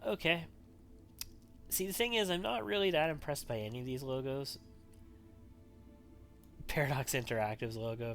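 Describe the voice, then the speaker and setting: A man's voice: mid-range voice, a bit bright, slight background noise. A man hosting a let's play, thinking aloud and wavering as he makes choices in a strategy game. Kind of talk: gameplay commentary.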